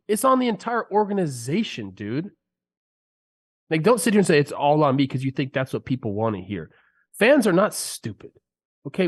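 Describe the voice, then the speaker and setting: A man co-hosting a sports podcast, a former player talking casually and ranting with heat while sick with a cold. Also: mid-range voice. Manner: fired-up, ranting, drawn-out "dude" and "bro". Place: podcast studio.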